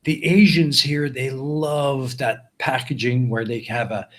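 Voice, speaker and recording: A man hosting a live stream, chatting casually and greeting viewers warmly. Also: medium pitch, fairly even intonation, unhurried. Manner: friendly, greets chat viewers by name.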